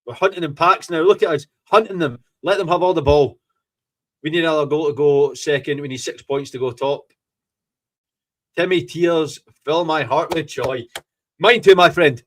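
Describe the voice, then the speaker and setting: A Scottish man hosting a fan podcast, reacting live to a football match in an excitable, gloating way and swearing freely. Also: on the high side, moderate pace.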